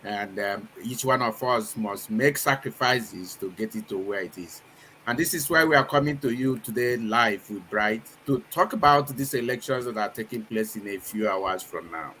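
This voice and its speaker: A man hosting a live studio talk show, speaking in a measured way and posing long strings of rhetorical questions. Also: fairly low pitch, pushed and bright, slight background noise.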